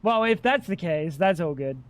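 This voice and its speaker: A man's voice: high voice, normal speed. A male livestreamer chatting to his viewers while he plays. He rambles and gets worked up, swearing freely as he goes. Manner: excitable, swearing, rambling talk to chat. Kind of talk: casual gaming stream chatter.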